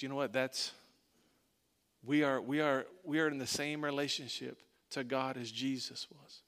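Man, pastor, sermon, emphatic, repetitive, mid-pitched, hushed drops. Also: steady tone, moderate pace. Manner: emphatic preaching, repeating lines, dropping to a hush.

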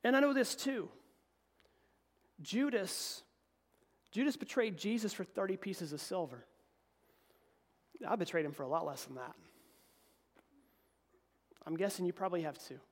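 A man preaching a sermon as pastor, reading scripture and swinging between emphatic peaks and quiet, low asides. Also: a little slow, long pauses. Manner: animated preaching, voice rising to emphatic peaks then dropping low.

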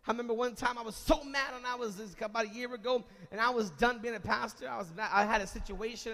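A man preaching a sermon as pastor of a church, moving between quiet talk and shouted calls to the congregation. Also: very high voice, gravelly, in a large hall. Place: church sanctuary.

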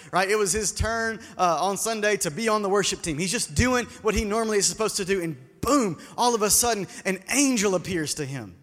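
A man's voice: high voice, fairly bright tone. A man preaching a sermon in a church, speaking conversationally, asking the congregation questions and repeating words as he restarts. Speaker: pastor. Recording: long hall reverb.

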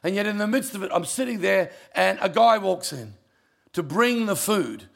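A middle-aged man preaching a storytelling sermon, mixing jokes with hushed, emotional passages. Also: sits high, expressive, normal speed. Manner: gravelly voice, humorous, drops quiet for emotional moments. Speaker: pastor.

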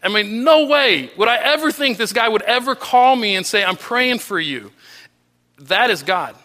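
A man preaching with a very bright, ringing tone that sits high in his register. He talks earnestly with many restarts, and his voice sinks low and soft to stress key phrases. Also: expressive, moderate pace. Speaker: pastor. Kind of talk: sermon.

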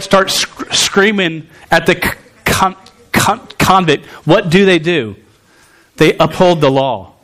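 Animated man preaching a sermon. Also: fairly high pitch. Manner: animated, conversational, stumbling restarts.

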